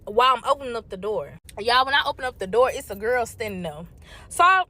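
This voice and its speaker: A woman's voice: on the high side, animated, brisk, bright, forceful tone. A young woman casually telling a personal story to her viewers, blunt and full of swearing, calling them y'all. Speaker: storytime vlogger.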